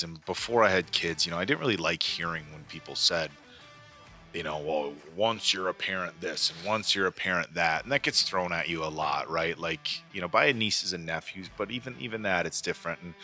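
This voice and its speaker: Hosting a movie reaction, a man in his forties talks casually and earnestly, restarting sentences and leaning on fillers. His voice is low-pitched with a sharp tone.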